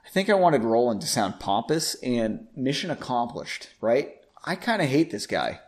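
A man's voice: medium pitch, big pitch swings, normal speed, darkish tone. A man reading his own story aloud, breaking off for chatty, self-commenting asides.

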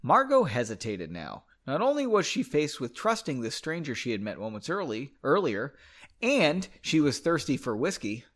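A man's voice: a little high, huge pitch swings, moderate pace, fairly bright tone. A man reading his own story aloud, breaking off for joking asides and self-corrections. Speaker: reader of his own book.

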